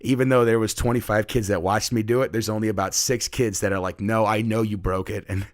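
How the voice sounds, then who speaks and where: A young man with a fairly low voice, chatting casually as a guest. He tells stories about his classroom and acts out what his students said. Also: fairly quick. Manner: animated storyteller who acts out students in high voices. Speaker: middle school teacher, guest. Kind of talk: casual storytelling chat.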